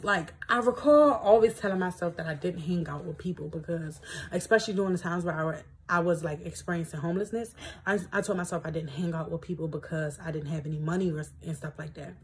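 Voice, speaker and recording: Husky rambling woman from D.C. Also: fairly low pitch. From Washington, D.C. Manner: loose and rambling, heavy fillers, reflective. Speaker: podcast host. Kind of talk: casual personal reflection, reading from a self-help book.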